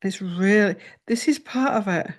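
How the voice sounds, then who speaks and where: A tarot channel host with a mid-range voice talks at normal speed, flustered and swearing as she chats casually through her research, muttering and cursing to herself.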